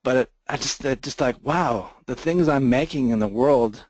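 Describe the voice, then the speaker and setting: A man presenting a webinar, making an emotional sales pitch and choking up as he talks. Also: normal speed, darkish tone, dry recording, lo-fi sound. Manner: earnest, gets choked up telling a story. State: emotional, near tears.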